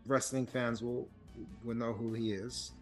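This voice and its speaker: A man co-hosting a casual film podcast, telling stories in a rambling, animated way and laughing at himself. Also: mid-range voice, a little slow, faint music behind. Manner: rambling, animated storytelling with self-mocking laughs. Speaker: podcast co-host.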